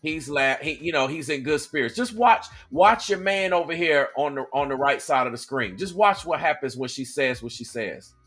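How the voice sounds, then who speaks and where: A man hosting a casual reaction video, talking straight to his viewers in an animated way. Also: mid-range voice, moderate pace, hardly any pauses, faint music behind.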